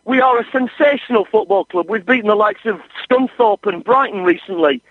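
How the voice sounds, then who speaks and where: A man, the target of a prank phone call, talking in an indignant, excitable way and swearing now and then. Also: high voice, a little fast, no echo. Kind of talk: phone conversation. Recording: tinny phone line.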